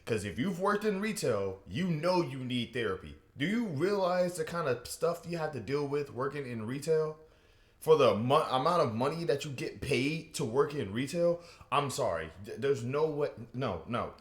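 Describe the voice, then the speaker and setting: A man doing a rambling, animated stand-up comedy rant, with many restarts and asides. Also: medium pitch, normal speed, roomy sound.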